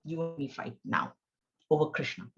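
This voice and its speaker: A woman's voice: deep voice, big pitch swings, normal speed, slightly rough, lo-fi sound, pitched below the performer's own voice, heavily acted. A woman voicing a proud warrior prince who boasts of his lineage and flares up in anger, told within a lesson. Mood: indignant. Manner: boastful, indignant.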